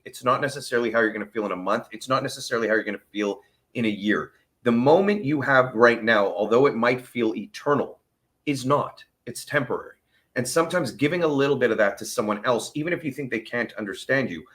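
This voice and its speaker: A man's voice: mid-range voice, fairly bright tone. A man telling his own story of illness in a candid, earnest way, openly emotional and plain-spoken. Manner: plain-spoken, with the odd curse. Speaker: vlogger sharing his chronic illness story.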